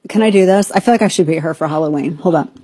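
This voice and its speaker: A woman's voice: lowish voice, racing, mellow, breathy edge. A woman hosting a talk show, brash and sarcastic, riffing with mocking asides. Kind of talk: opinionated radio talk.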